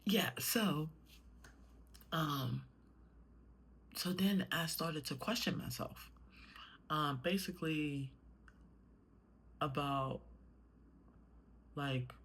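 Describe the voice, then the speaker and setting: A woman's voice: sits low, drawn-out words, long pauses, fairly bright tone, husky. A young adult woman talking casually in a personal vlog, meandering with many fillers and swearing when worked up. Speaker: vlogger.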